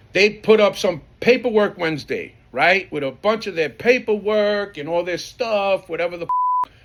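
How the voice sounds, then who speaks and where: A man's voice: a little high, a bit bright. A middle-aged man tells his side of a feud in a heated, streetwise way, swearing often and quoting himself. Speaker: graffiti writer telling his side. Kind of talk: casual storytelling, profane.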